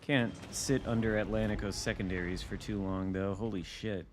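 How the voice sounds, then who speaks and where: A man's voice: on the low side, fairly even intonation, normal speed, noisy background. A man streaming a naval battle game, chatting casually with dry, wry asides as he thinks aloud. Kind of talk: casual live gameplay commentary.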